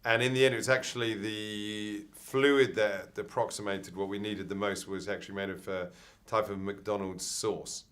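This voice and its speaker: A man's voice: lowish voice, steady tone, moderate pace, fairly bright tone. A man from England, a film producer, telling comic stories from filming in a casual interview. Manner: casual storyteller, laughing through his punchlines. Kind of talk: comic anecdote.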